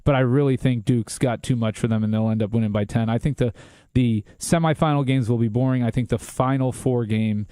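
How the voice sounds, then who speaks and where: A man's voice: mid-range voice, fairly even intonation, brisk, mellow, smooth, no echo. A man co-hosting a sports talk show, giving confident, opinionated predictions in casual chat.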